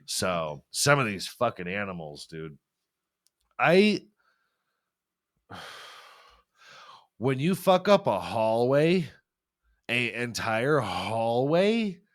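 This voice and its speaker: A young man does a profane, rambling comedy bit on his podcast. His pitch swings all over as he riffs, and he keeps breaking into laughter at his own jokes. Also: a bit bright. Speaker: podcast host. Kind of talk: crude comedic monologue.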